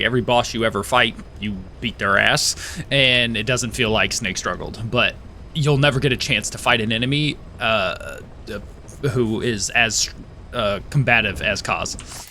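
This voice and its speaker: Rambling, swearing gamer. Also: male voice, medium pitch, moderate pace, bright, forceful tone, slight background noise. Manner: rambling, swears, trails off into restarts and tangents. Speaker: let's play gamer. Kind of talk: casual gameplay commentary.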